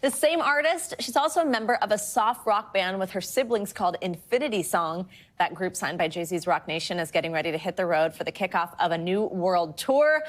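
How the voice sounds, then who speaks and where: A woman's voice: fairly low pitch, expressive, brisk. A woman anchoring a morning news program, presenting segments and interviewing a guest in an upbeat way.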